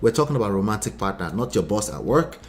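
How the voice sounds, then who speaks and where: A man's voice: on the low side, sing-song, fast talker, a little hiss or hum. Emphatic man coaching on a livestream. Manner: emphatic, repeats points, asks rhetorical questions; laughs often, mocks quoted lines in put-on voices. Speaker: relationship coach and channel host. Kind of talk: livestream commentary reading chat.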